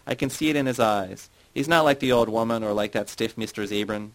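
A man's voice: on the low side, fairly quick, close to an everyday voice, low-quality recording. Man voicing a drunk, pleading young woman. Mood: insistent. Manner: pleading, insistent.

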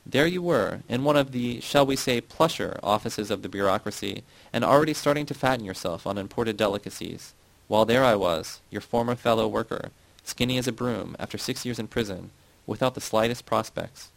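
A man reading the part of a sarcastic, bitter former prisoner in an audiobook, with a gravelly voice. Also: fairly low pitch, expressive, brisk, low-quality recording. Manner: sarcastic, mocking.

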